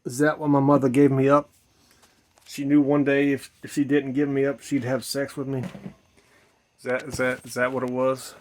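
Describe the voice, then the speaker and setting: A man's voice: mid-range voice, monotone, normal speed. A tipsy man rambling to camera outdoors at night, repeating himself, swearing and musing aloud to viewers he calls his children. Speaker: vlogger in a "Mother" persona. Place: outdoors at night beside a bar.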